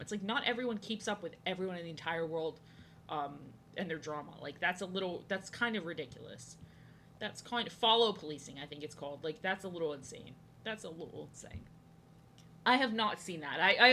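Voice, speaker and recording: Bright-voiced chatty young woman streamer. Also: lowish voice, animated, fairly quick, a little hiss or hum. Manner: rambling, chatty, reacting to chat. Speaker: art streamer. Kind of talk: casual chat while drawing.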